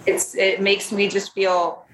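A woman in her thirties speaking candidly as a podcast guest, earnest and halting, with many restarts, growing emotional about her story. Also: mid-range voice, flat delivery, fairly bright tone. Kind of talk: candid conversational interview. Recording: echoey room, faint background noise.

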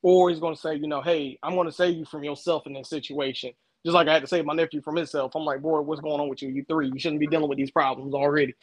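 A man's voice: a little high, level tone, quick pace, hardly any pauses, no room sound. A middle-aged man co-hosting a casual faith talk, explaining with personal stories and everyday examples. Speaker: co-host.

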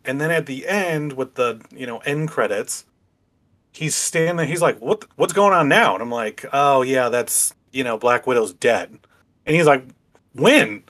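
A man's voice: mid-range voice, measured pace, a bit bright. A man co-hosting a casual podcast chat, telling stories and acting out dialogue with small laughs. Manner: storytelling with laughs, quoting others in dialogue. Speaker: podcast co-host.

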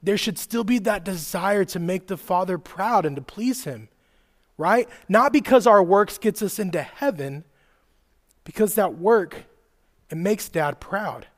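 A man in his thirties preaching a sermon to a live church audience, telling personal stories casually with lots of "like" and "right?", dropping soft and quiet then rising loud and excited. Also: high voice, a little slow. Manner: conversational storytelling, fillers like "like" and "right?". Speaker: youth pastor.

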